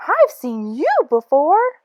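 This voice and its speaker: Woman putting on a shrill lazy bird lady. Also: wildly swooping pitch, slow, darkish tone, dry recording, dull audio, exaggerated voice. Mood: gleeful. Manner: shrill, squealing outbursts. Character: lazy flighty female bird, shrill and bossy.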